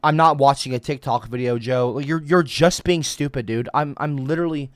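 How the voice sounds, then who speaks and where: A man hosting a livestream, talking to his chat in a heated, profane rant. He stammers and often bursts into shouting. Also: medium pitch, moderate pace, dry recording. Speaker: livestream host.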